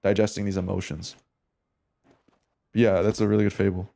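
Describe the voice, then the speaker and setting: A man's voice: sits low, little pitch movement, moderate pace, vocal fry, warm tone. A man streaming a game, chatting casually to his viewers while reviewing a match replay, slangy and swearing as he thinks aloud. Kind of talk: casual live-stream commentary and demo review.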